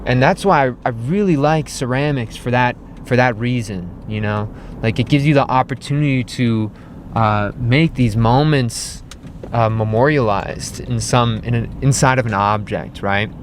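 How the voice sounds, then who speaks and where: A male pottery vlogger chatting while he drives, with the faint hum of a car behind him. His pitch sits in a plain middle register. He rambles through his story with lots of "like" and "right?". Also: a little slow. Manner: rambling, filler-heavy, frequent "like" and "right?". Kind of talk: casual vlog storytelling.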